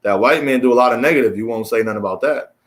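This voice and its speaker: A man, delivering a preachy, emphatic solo monologue as a commentary host, often climbing high in exasperation and repeating phrases. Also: rapid-fire. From United States.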